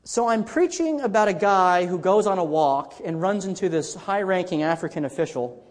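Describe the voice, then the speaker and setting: A man's voice: high voice, lively intonation, moderate pace, a little mellow, big-room sound. A man pastor preaching a sermon in a conversational storytelling way, often restarting his sentences.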